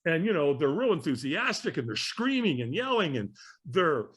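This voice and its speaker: A man tells a story as a guest on an interview podcast, his voice sitting a little high for a man and swinging widely in pitch. He talks in an animated way, acting out the voices of the people in his story. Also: normal speed, slightly rough.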